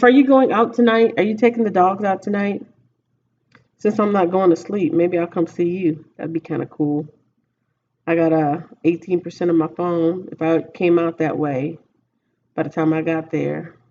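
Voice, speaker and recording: A woman's voice: fairly low pitch, warm tone. Rambling Texan woman livestreaming, dull audio. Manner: chatty, rambling, thinks aloud. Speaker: livestreaming vlogger. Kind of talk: casual livestream chat with viewers.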